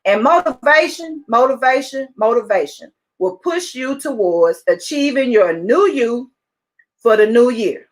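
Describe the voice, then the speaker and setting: Excited, upbeat woman pitching motivation. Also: a little slow. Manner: excited, upbeat, repetitive urging. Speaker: motivational speaker. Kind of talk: promotional pitch on a call. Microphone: call audio.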